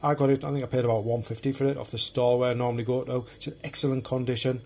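Husky, mellow man, rambling chat. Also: medium pitch, level tone, rapid-fire. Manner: rambling and chatty, loose and unpolished. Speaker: film collector vlogger. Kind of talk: casual show-and-tell of home video collection.

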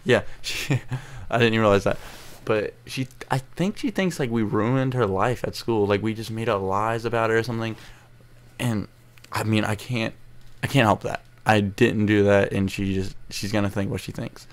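A teenage boy telling a story to camera in a rambling, emotional way, recorded on an earbud mic at low quality. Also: flat delivery, normal speed. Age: teens. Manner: rambling, restarts often, emotional. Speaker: vlogger. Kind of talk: casual storytelling vlog.

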